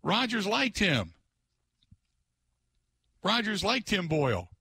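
A man hosting a sports talk radio show, chatting casually in an excitable way and repeating his catchphrases. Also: high-pitched, slow pace, slightly rough, dry recording.

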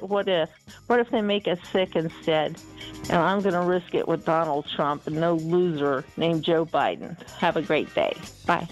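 Woman, radio caller, emphatic, animated. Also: medium pitch, poor audio. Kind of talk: radio call-in.

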